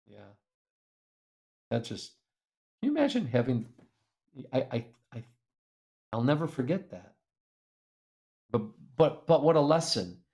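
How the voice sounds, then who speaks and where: A man with a gravelly, fry-edged voice tells a personal story as an interview guest. He talks in an earnest, reflective way, and his voice jumps up when he acts out the other people in the tale. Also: medium pitch, big pitch swings, measured pace, long pauses, a little mellow. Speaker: guest speaker.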